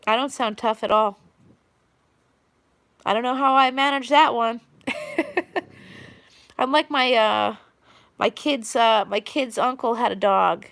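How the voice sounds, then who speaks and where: A woman with a New York accent from Long Island chats rambling and friendly on a live stream, greeting viewers by name. Her voice sits a little high with a gravelly fry running through it. The sound is dry, with no room echo. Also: slow pace, pauses often, fairly bright tone. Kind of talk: casual live-stream chat.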